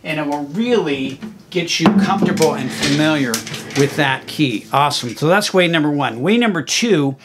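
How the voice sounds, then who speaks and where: A man teaching music, walking through a software tutorial in a friendly, explanatory way with plenty of okays and ums. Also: a little high, animated, moderate pace, heavy background noise. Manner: friendly, explanatory, fillers like okay and um. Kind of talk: screen-recorded software tutorial.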